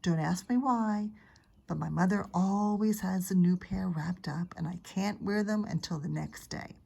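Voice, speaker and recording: A teacher reading a children's chapter book aloud, narrating in a steady, expressive way. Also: female voice, fairly low pitch, a little slow, gravelly, breathy edge. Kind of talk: storybook read-aloud.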